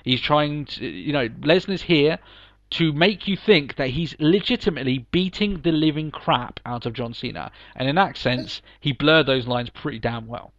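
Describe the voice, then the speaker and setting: A man's voice: a little high, normal speed, fairly bright tone, dry recording, lo-fi sound. A man co-hosting a podcast, chatting casually and emphatically, laughing often. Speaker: podcast co-host. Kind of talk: casual wrestling review chat.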